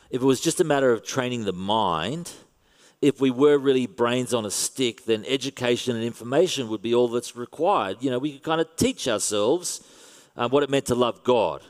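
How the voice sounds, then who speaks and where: A man with an Australian accent preaching a sermon in a relaxed, conversational way with wry humour. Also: medium pitch, in a large hall. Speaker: pastor.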